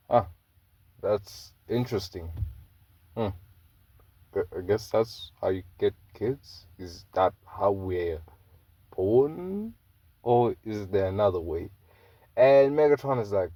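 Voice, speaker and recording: A man rambles casually through a fan story, full of slang and fillers. His voice is low, and the recording is dry and close, with no room around it. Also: lively intonation, takes it slowly, pauses often, warm tone, dry recording.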